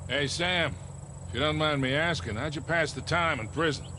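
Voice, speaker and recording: A man's voice: on the high side, normal speed, background noise, close to an everyday voice. An actor playing an older male smuggler with a dry, clipped manner in video game cutscene dialogue.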